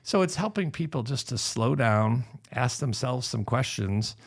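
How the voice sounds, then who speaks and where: Man, middle-aged, gravelly voice, animated, casual chat. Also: mid-range voice, unhurried. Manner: animated storytelling, acts out quoted voices. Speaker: podcast guest. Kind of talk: casual conversation.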